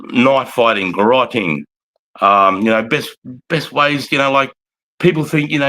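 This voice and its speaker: A man's voice: mid-range voice, vocal fry, bright, forceful tone. An Australian man, an army veteran, telling blunt, profane, rambling stories casually on a livestream.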